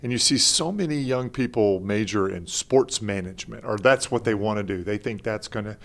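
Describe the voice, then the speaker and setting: A man's voice: fairly low pitch, moderate pace, gravelly. A man co-hosting a podcast, asking a rambling, chatty question. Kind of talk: casual interview.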